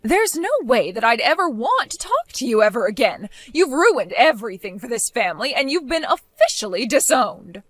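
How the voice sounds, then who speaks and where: A woman's voice: a little high, very animated, moderate pace, hardly any pauses, fairly bright tone, no echo. Woman doing a bossy, scolding mother-in-law. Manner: demanding, scolding. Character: bossy, controlling middle-aged mother-in-law. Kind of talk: animated storytime voice acting.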